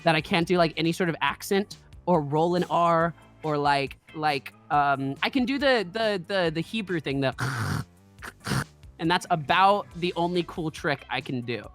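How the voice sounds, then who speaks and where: A woman's voice: lowish voice, moderate pace, hardly any pauses, soft background music. A woman streaming a game, chatting in a rambling, self-deprecating way. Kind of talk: casual let's-play chat.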